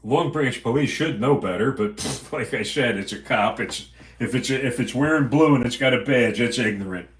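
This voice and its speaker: A man's voice: medium pitch, moderate pace, echoey room. A man hosting a livestream, ranting angrily and profanely in a rambling way. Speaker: livestream host.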